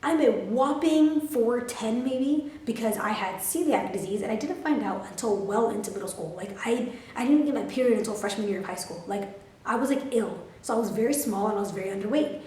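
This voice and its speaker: A woman in her twenties telling a storytime to her camera, animated, profane and full of "like" fillers. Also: fairly high pitch, fairly quick, far from the mic, a little hiss or hum. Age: 20s. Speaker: vlogger. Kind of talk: storytime vlog. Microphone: camera filming herself. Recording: roomy, mic set back.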